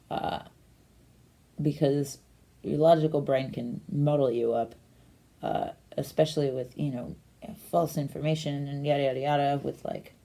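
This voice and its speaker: A woman giving a casual, meandering rune and tarot reading, talking slowly with many fillers. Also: extremely low pitch, dark tone.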